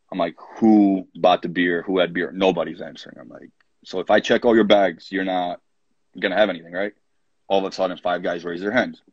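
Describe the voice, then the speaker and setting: A man in his thirties from Poland, a college soccer coach, telling lively anecdotes as a podcast guest and acting out his own quoted lines. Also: sits low, breathy edge, no echo, muffled recording. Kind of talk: casual storytelling interview.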